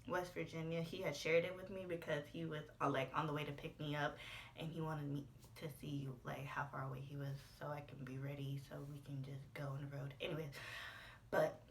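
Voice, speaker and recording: A woman's voice: low voice, flat delivery, brisk, distant mic, slight background noise. A sad young woman telling a breakup story in a casual storytime, rambling with lots of fillers and sometimes dropping into a whisper. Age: young adult. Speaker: vlogger.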